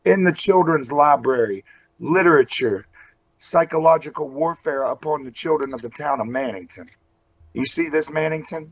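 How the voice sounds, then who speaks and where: A man's voice: on the high side, normal speed. A man from West Virginia cutting an intense, folksy in-character wrestling promo. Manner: folksy and intense, calls people brother. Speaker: pro wrestler. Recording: dull lo-fi audio.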